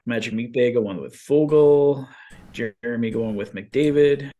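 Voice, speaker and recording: A man's voice: mid-range voice, a little slow, mellow, highs cut off. A man co-hosting a fan watch stream, casually reading out viewers' picks and chatting about the game.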